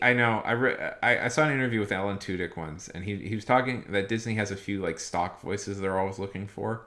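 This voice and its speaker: A man's voice: fairly low pitch, fairly quick, few pauses, pushed and bright. A young man chatting casually on a live stream, rambling with frequent restarts and chuckles.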